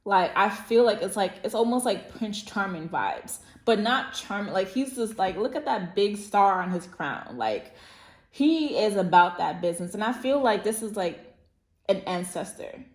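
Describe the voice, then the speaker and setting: In a roomy, echoing recording, a woman gives a casual spiritual tarot reading. Her mid-range voice has lively intonation and a moderate pace, and she rambles effusively, meandering and packing her talk with fillers.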